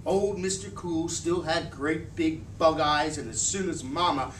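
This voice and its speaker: A man reading a children's novel aloud in an expressive, animated storytelling style. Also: fairly high pitch, measured pace. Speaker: reader. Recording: roomy, from a distance, faint hiss.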